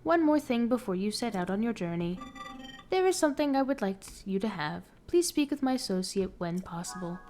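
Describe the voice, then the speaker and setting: A woman reading the lines of a calm, polite robot construct servant in her own plain, even reading voice. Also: mid-range voice, brisk, soft background music, natural voice. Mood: courteous.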